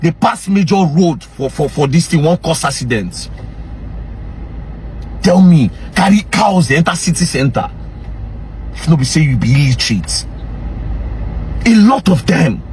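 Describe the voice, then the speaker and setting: A young man with a Nigerian Pidgin English accent, ranting angrily and confrontationally straight to camera as a social media commentator, often breaking into shouts. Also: fairly high pitch, expressive, unhurried, pauses often, slight background noise. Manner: angry, confrontational, repeatedly shouting. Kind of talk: heated direct-to-camera rant.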